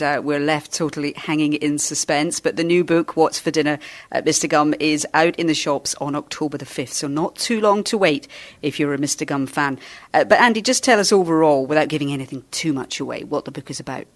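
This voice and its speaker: A woman hosting a podcast interview in a chatty, enthusiastic way. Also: deep voice. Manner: chatty, enthusiastic, quick to laugh. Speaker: podcast host. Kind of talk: casual interview.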